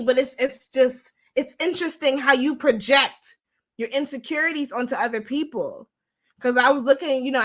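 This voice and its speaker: A woman's voice: sits high, pushed and bright. A young adult woman hosting a casual commentary show, talking blunt and sassy straight to her viewers. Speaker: show host.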